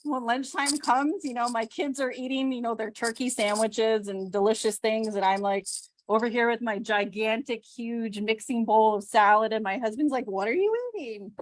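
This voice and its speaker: A woman's voice: fairly high pitch, normal speed, dry recording. Chatty self-deprecating woman on a call. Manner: chatty, self-deprecating, animated quoted voices. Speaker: business owner and homeschooling mom. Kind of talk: casual testimonial on a group call. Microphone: video call.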